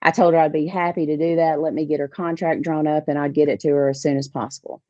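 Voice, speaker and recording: A woman, a podcast guest telling a lively story about organizing fishing tournaments. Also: low-pitched, fast talker, dry recording. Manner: animated storyteller, acts out others' lines. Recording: dull, dry podcast audio.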